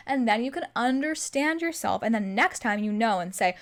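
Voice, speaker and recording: A young woman hosting a self-improvement show, giving animated motivational advice and acting out her own inner voice. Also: on the high side, a little fast, hardly any pauses. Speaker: self-improvement podcast host.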